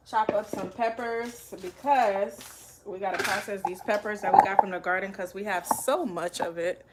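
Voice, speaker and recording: A woman's voice: medium pitch, noisy background. Chatty woman hosting a live cooking stream. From Liberia. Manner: chatty, answers viewer comments as she cooks. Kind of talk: casual live-stream chat. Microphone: phone.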